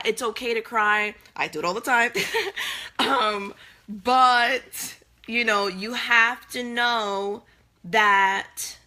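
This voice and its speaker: A woman's voice: fairly high pitch, pushed and bright. A woman giving an earnest, faith-based pep talk to her viewers, chatting casually and repeating her key phrases. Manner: conversational with many fillers and restarts. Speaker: faith-based motivational speaker.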